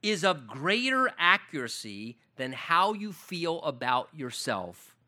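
A man's voice: fairly high pitch, very animated, slow, sharp tone. A male pastor preaching an earnest sermon, building to emphatic peaks and repeating key words.

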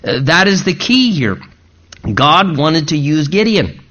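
A man's voice: fairly high pitch, expressive, a little slow, pushed and bright, muffled recording. A male pastor preaching a sermon in an earnest, emphatic way, repeating rhetorical questions to drive his points home.

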